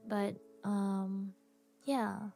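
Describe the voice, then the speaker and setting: Woman, stream host, slow casual chat, frequent laughter, long pauses, faint music behind. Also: mid-range voice, flat delivery, creaky, mellow.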